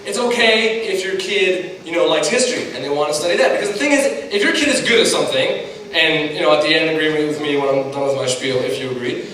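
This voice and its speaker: A young man doing a stand-up comedy set, chatty and animated, talking straight to the crowd. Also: fairly high pitch, fast talker. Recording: echoey hall from a distant mic.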